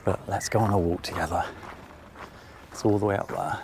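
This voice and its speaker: A man's voice: deep voice, fairly even intonation, a little fast. A man talking casually to the viewer while walking outdoors, chatty and self-mocking, filming on a handheld camera. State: out of breath while climbing. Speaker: vlogger. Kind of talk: casual vlog walk-and-talk. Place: outdoors, farm fields and coastal path. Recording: faint outdoor noise.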